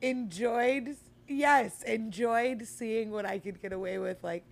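Woman w gravelly voice, kinda high, chatting slow and thoughtful on a podcast. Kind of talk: casual chat.

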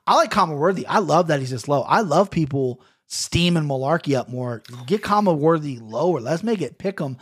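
Rambling Ohio guy, a bit high. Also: animated, husky. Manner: rambling, profane, quick to laugh. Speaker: podcast host picking fights. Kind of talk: casual betting chat.

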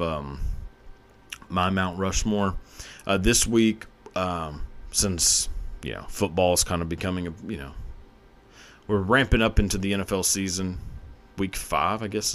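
A young man hosts his own podcast, talking solo in a loose, profane ramble. His voice sits low and deep. He jokes crudely and breaks into laughter often. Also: normal speed. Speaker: podcast host. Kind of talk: casual solo podcast monologue.

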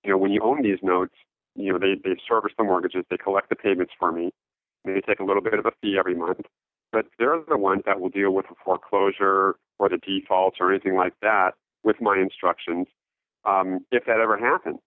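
Interview guest: man on a phone line, lowish voice, halting and full of fillers. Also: fairly even intonation, dry recording. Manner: halting, many fillers and restarts. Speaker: interview guest, note investor. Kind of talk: casual interview talk.

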